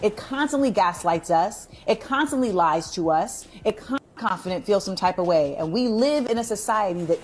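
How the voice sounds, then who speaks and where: A woman's voice: mid-range voice, animated, moderate pace, few pauses. A direct, assertive woman speaking in a mid-range voice. She states things plainly. A faint noise runs behind her.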